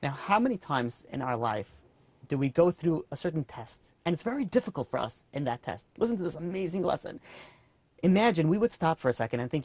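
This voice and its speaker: A man giving a storytelling sermon as a rabbi, earnest and animated. His talk is casual, with fillers and restarts, and the sound is dry and close. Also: fairly high pitch, a little fast, no echo. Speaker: rabbi teaching a class.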